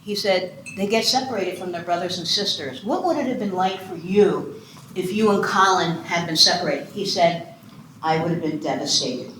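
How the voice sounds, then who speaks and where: In an echoey conference hall with faint background noise, a woman from Ohio in her sixties gives a keynote on adoption, quizzing listeners along the way. Her lowish voice moves at a moderate pace, animated and chatty, full of jokes at her own expense about foster care and adoption.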